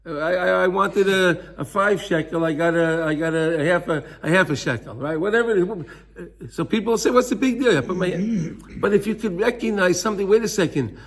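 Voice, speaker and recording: A man's voice: high voice, fairly quick. A man teaching a Torah class, earnestly explaining texts, slipping into Hebrew terms and acting out little scenes. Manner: earnest, acts out voices, mixes in Hebrew terms.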